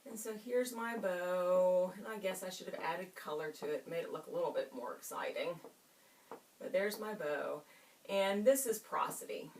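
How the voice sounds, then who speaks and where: A woman's voice: on the low side, recorded from a distance, a little hiss or hum. A woman teacher giving a reading lesson to students, asking them questions and stretching out key words. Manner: expressive, drawn-out teacherly delivery with questions to students. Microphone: camera set up in the room.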